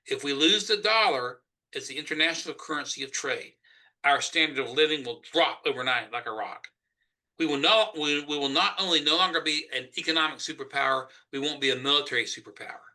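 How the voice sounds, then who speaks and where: A man's voice: a little high, brisk. A man with a Southern US accent, speaking emphatically as a Senate candidate in a political interview. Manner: emphatic, forceful argument.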